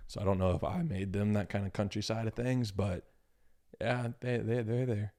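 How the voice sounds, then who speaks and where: A man's voice: fairly low pitch, fairly even intonation, moderate pace, dark tone. A young man with a Southern country accent, chatting easygoingly as a podcast guest. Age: young adult. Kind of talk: casual chat.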